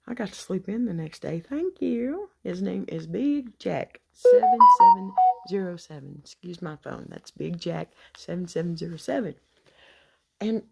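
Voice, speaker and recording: An older woman with a Texas accent, chatting to her subscribers off the cuff in a rambling, folksy way that drifts now and then into soft whispers. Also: on the low side. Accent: Texan. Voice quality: gravelly, husky. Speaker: vlogger. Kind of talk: unscripted chat to subscribers.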